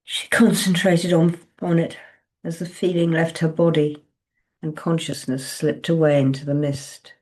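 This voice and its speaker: A woman author reads from her own novel in a low voice. She takes it very slowly and keeps the narration measured and restrained. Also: level tone, a little mellow. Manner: slow, measured, low-key.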